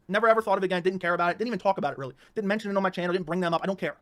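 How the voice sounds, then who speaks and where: Male streamer, high-pitched and very fast, in a heated rant full of stumbling restarts. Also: fairly bright tone. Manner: rapid, repetitive, stumbling restarts. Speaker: livestream host.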